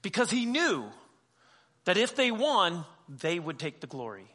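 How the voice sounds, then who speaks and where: Bright-voiced pastor, high for a man. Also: very animated, measured pace. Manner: conversational, acts out dialogue in quoted voices; humorous asides. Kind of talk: sermon.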